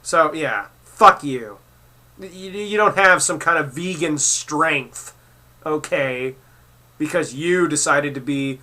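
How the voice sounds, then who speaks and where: Male vlogger, raised pitch, very bright cutting tone, furious profane rant. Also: lively intonation, moderate pace. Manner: profane, heated and mocking. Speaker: commentary vlogger. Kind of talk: angry rant reacting to clips.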